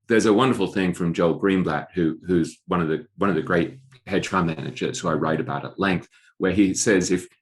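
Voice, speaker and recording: A man with an English accent, an author speaking as a podcast guest, thoughtful and self-deprecating, often repeating words as he thinks. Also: sits low. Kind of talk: podcast interview.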